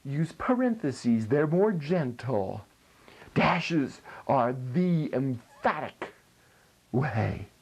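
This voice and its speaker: A man hosts a playful grammar lesson, talking folksy to the camera and chuckling at his own silly turns of phrase. His pitch swoops up and down a lot, and he takes his time over the words. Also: sing-song, drawn-out words, slightly rough, poor audio. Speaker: show host teaching writing.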